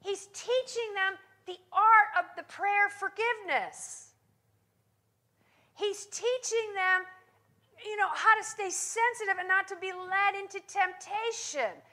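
A woman's voice: extremely high pitch, slow, sharp tone. A woman teaching on prayer in a sermon style. She speaks with emphasis and often checks in with her listeners. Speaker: Bible teacher.

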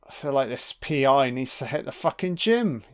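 A man's voice: mid-range voice, animated, normal speed. A man giving casual, sweary commentary on a film, talking back to the characters on screen. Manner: sweary, mocking asides to the screen.

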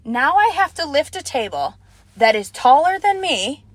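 Young woman telling a lively story. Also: high voice, normal speed, no echo. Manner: animated storytelling, laughs often. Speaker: podcast co-host. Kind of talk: casual chat.

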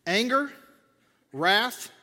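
A middle-aged man preaching a sermon as a pastor, animated and jokey, pushing his voice up for emphasis. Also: high voice, very slow. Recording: long hall reverb.

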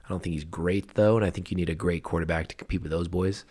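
A man's voice: low-pitched, fairly even intonation, fast, a little mellow, breathy edge. A man co-hosting a podcast, chatting casually about college football in a laid-back way, hedging with lots of fillers. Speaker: podcast co-host. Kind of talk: casual sports chat.

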